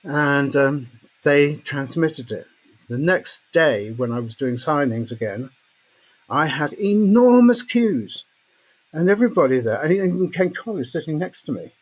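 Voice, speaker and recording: Older guy on a podcast, husky voice, laughs a lot telling his stories. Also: a little high, a little slow. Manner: lively raconteur, laughs often, acts out quotes. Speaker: podcast guest. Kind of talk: anecdotal storytelling.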